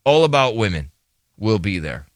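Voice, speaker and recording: A man hosting a radio show, chatting casually, rambling and repeating words in quick bursts. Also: on the low side, sing-song, no room sound, clean studio sound.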